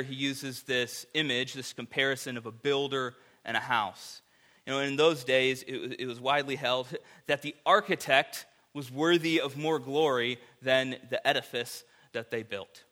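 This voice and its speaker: Bright-voiced preacher man. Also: medium pitch. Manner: conversational, animated preaching with fillers. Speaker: pastor. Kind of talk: sermon.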